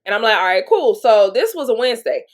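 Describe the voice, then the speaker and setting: A woman's voice: fairly high pitch, sing-song, fast. A woman vlogger telling a personal story in a candid, chatty way, laughing between lines and sniffling from allergies, with a Southern US accent. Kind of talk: casual storytelling monologue.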